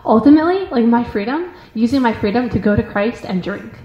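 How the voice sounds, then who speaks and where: A religious sister with a high voice gives an earnest, emphatic talk, leaning on filler words and restarting her phrases. The sound is muffled and echoes around the room. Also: animated, fairly quick, few pauses. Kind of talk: informal spiritual talk.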